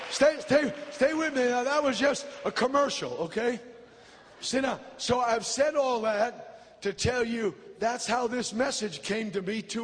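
Fiery revival preacher, male, very high voice, shouts in bursts, long reverb from a big church. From United States. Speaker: pastor. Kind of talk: revival sermon. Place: large church.

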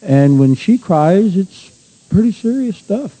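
A man's voice: high-pitched, very animated, takes it slowly, dark tone, low-quality recording. A middle-aged man, preaching a sermon as a pastor in a folksy storytelling way that builds to fervent exhortation.

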